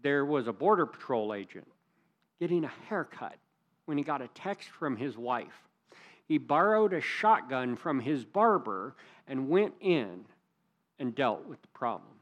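A man's voice: medium pitch, very animated, a little slow, a bit bright, lo-fi sound. A man preaching a sermon as pastor, earnest and emphatic, leaning hard on key words.

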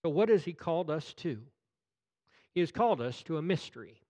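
A male preacher delivering a sermon. His voice sits a little high and moves with lively swings in pitch. He reads scripture slowly and deliberately and breaks in with playful asides. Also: no echo.

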